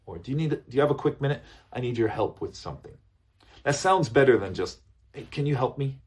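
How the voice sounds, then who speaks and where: A man's voice: mid-range voice, fast, breathy edge. A man teaching business English phrases, repeating examples and checking in with listeners often. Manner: animated, repeats phrases with checking "okay?" and "right?".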